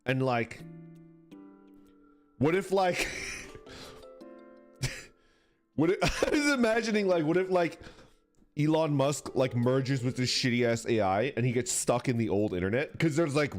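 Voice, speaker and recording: A man streaming, chatting casually with viewers, rambling and swearing through animated rants. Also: medium pitch, measured pace, long pauses, soft background music. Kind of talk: casual chat reacting to viewers.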